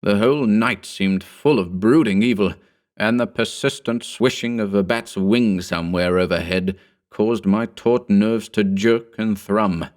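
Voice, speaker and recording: Low guy reading a creepy horror story, slow and brooding. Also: a little mellow. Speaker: audiobook narrator. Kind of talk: scripted horror narration.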